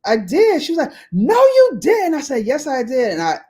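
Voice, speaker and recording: A woman's voice: sits high, a little fast, husky. A middle-aged woman chatting as a talk show guest, telling stories and acting out the voices of people she quotes. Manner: animated storyteller, acts out quoted voices. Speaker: talk show guest, arts executive director. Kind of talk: casual chat.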